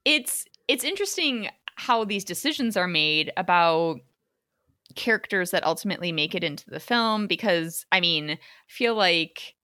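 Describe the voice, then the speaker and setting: A woman hosting a casual film discussion, chatty and animated with lots of fillers. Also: on the low side, moderate pace, no room sound, studio quality. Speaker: podcast host.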